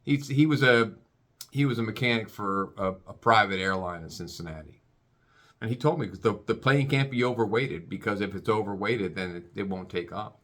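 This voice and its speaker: A man's voice: fairly low pitch, moderate pace, fairly bright tone. A man ranting in a rambling, crude comic way, stammering and restarting often.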